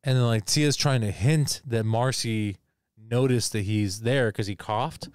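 Brief: male podcast co-host, smooth clear voice, dry close sound, loose and profane recap style. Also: mid-range voice, unhurried, a little mellow, no room sound. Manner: rambling, profane, acts out scenes. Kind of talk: casual movie recap.

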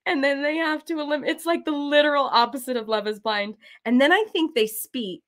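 An American woman in her thirties chats casually while stitching, her talk rambling and loose. She drifts from point to point with plenty of "like" and "um", slipping into quick giggles along the way. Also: sits high, a bit bright. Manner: rambling and giggly, full of "like" and "um", often trails into quick laughs. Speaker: cross-stitch designer and channel host.

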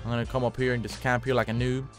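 A man giving excitable, profane live commentary over his own gameplay, swearing and trash-talking opponents. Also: mid-range voice, racing. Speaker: gaming commentator. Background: game music and gunfire.

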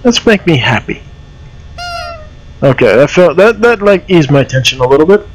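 A man's voice: on the high side, very animated, normal speed, a little hiss or hum, rough recording. A young man streaming a horror game over a headset mic, swearing and laughing nervously as he panics. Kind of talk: live gameplay commentary.

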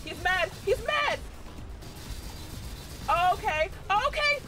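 Excitable high-voiced woman game streamer. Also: slow pace, pauses often, heavy background noise. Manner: excitable, talks to game characters, squeals and shrieks when startled. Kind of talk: live gameplay commentary. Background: faint game music.

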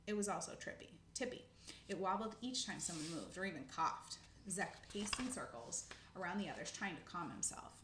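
A woman's voice: lowish voice, lively intonation, normal speed. Woman narrator of a children's book, casual with asides, echoey room, faint hiss. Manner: casual, with spoken asides and self-corrections. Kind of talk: reading a children's book aloud.

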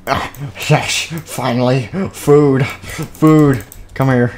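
A man's voice: mid-range voice, fairly even intonation, very slow, slight background noise. Bumbling food-hungry burglar, played by a male streamer, goofy and gloating. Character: clumsy, greedy male burglar.

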